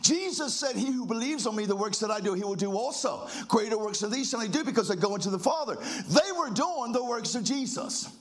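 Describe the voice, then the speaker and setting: A man's voice: very high-pitched, expressive, brisk, hardly any pauses. A pastor preaching a fervent sermon, full of exclamations and leading his congregation in call-and-response.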